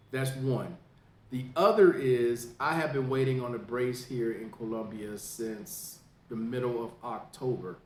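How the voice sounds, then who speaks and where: A man who hosts a veterans information podcast, from the United States, giving a casual spoken update in a plain, unhurried way with many fillers. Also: medium pitch, roomy sound, slight background noise. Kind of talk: casual straight-to-camera update.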